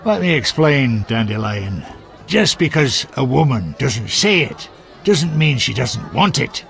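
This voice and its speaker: A man's voice: mid-range voice, big pitch swings, a little slow, a bit bright, heavily acted. A man voicing a blunt, coarse male dwarf drinking companion in a video game. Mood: knowing. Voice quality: gravelly.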